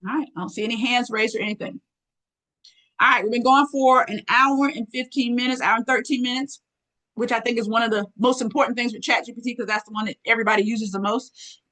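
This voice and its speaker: Woman workshop host, slightly high voice, folksy and lively, clears throat often, video-call mic. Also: fast talker, low-quality recording. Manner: lively, folksy, calls audience girl and y'all. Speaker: workshop presenter. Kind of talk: live online workshop teaching.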